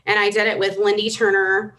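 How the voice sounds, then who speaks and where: A woman's voice: medium pitch, monotone, a little fast, bright, forceful tone. A woman in her thirties speaking on a convention stage, emotional and earnest, building to urgent calls for commitment. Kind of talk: motivational stage speech. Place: large convention hall.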